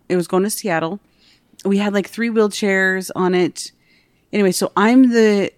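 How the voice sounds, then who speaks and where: A young woman working as an airport gate agent, telling stories in casual chat, animated and full of "like", acting out what people said. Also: fairly low pitch, no echo. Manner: animated, fillers of "like", acts out quotes.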